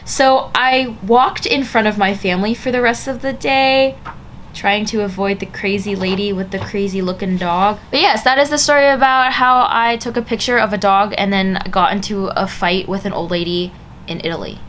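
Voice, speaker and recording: A woman's voice: mid-range voice, normal speed, a bit bright, slight background noise. A young woman vlogger telling a casual storytime, chatty and full of "like" fillers.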